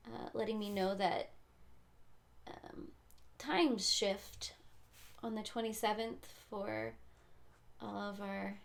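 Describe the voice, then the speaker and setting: Gravelly-voiced woman, rambling livestream chat. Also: medium pitch, lively intonation, slow, long pauses. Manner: rambling, self-deprecating, drops to whispers. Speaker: livestream host. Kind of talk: casual livestream chat while coloring.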